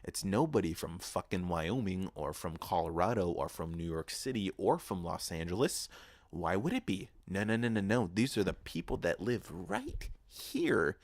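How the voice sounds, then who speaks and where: A young man hosting his own podcast, ranting casually and profanely with animated mock voices. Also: low-pitched, moderate pace, dry recording. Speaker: podcast host. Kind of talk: casual solo podcast rant. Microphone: podcast microphone.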